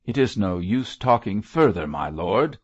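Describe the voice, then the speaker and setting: A man's voice: low-pitched, sing-song, measured pace, darkish tone, heavily acted. A man reading a sullen defiant young curate. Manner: dogged, rough. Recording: dull lo-fi dry recording.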